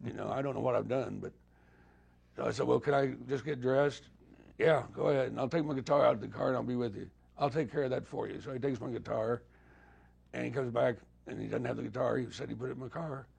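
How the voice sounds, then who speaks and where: An older man telling stories in a relaxed, anecdotal way during an interview, acting out the dialogue he quotes. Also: mid-range voice, quick pace, creaky, breathy edge. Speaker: guest musician. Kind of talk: storytelling interview.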